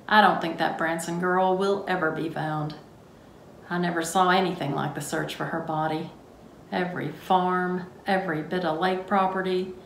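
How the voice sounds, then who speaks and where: A woman's voice: fairly low pitch, vocal fry, a bit bright. A woman with a Texas accent voicing a blunt, matter-of-fact rural cemetery caretaker in a plainspoken drawl, reading a novel's prologue aloud. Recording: roomy room, faint noise.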